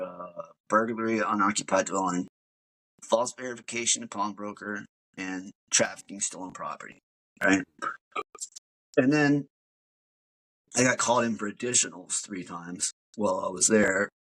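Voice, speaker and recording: A man's voice: on the low side, fairly bright tone, low-quality recording. A man, a podcast guest, tells his personal story in a casual, rambling way, full of fillers and calling the host dude. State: emotional.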